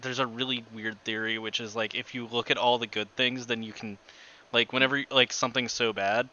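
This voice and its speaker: A man's voice: mid-range voice, little pitch movement, a little fast, sharp tone, lo-fi sound, a little hiss or hum. A man co-hosting a podcast in casual chat, hesitant and full of fillers. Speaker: podcast co-host.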